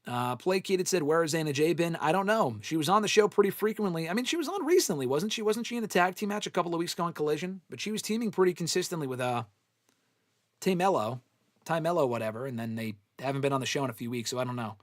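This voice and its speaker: A young man runs a live fan Q&A in a loose, profane, offhand way. His voice sits a touch high for a man. The sound is dry and close, with no room echo. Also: expressive, fast talker. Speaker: host answering fan questions. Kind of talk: casual live Q&A chat.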